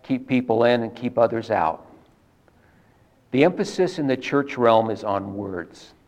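A man preaching a sermon in an earnest, measured teaching manner, stressing key words with repetition. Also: mid-range voice, expressive, darkish tone, lo-fi sound.

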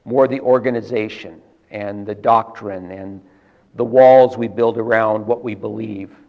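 A man's voice: lowish voice, steady tone, creaky, muffled recording. Earnest man preaching a sermon. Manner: earnest, measured teaching with emphatic repetition.

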